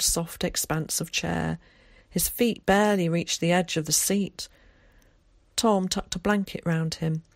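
A woman reading an audiobook aloud in a steady, measured way. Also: lowish voice, creaky, dry recording, studio quality. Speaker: audiobook narrator. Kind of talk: scripted audiobook narration.

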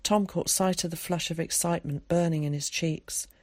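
A woman narrating an audiobook chapter in a measured, expressive storytelling voice. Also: fairly low pitch, no echo. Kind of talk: scripted narration.

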